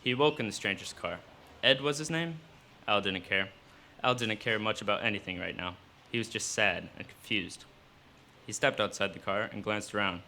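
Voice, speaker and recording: A man reading his own fiction aloud at a live cafe event, in steady storytelling narration. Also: on the low side, fairly quick, slight background noise.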